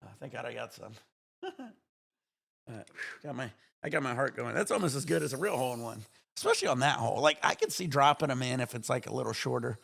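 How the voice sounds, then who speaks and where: Gravelly excitable man streaming. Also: medium pitch, fast. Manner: excitable, swearing, breathless exclamations and laughs. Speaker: livestream gamer. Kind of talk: excited casual livestream chat.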